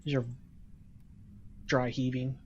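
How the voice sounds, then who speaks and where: A man's voice: mid-range voice, level tone, drawn-out words, breathy edge, dull audio. A man running a tabletop game as game master, explaining rules and results with hedges and fillers.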